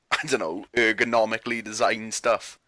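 Co-host, man, crude jokes, sharp bright voice, dry close sound. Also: lowish voice, level tone, normal speed, dry recording. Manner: jokey, crude, laughing. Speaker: podcast co-host. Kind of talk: casual chat.

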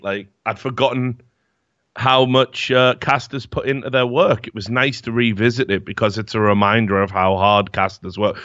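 A man's voice: on the low side, pushed and bright, no room sound. A man hosting a podcast, telling rambling stories in casual chat, full of fillers and swearing. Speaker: podcast host. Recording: slightly dull, dry mic sound.

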